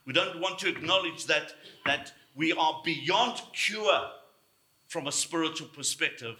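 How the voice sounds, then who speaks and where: A man preaching a sermon, emphatic, slowing down to stress key words. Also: fairly high pitch, sharp tone. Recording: echoey room.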